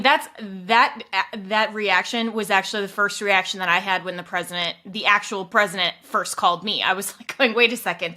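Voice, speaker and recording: A woman hosting an interview, talking in an animated way and laughing often. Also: medium pitch. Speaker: host. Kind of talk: interview conversation.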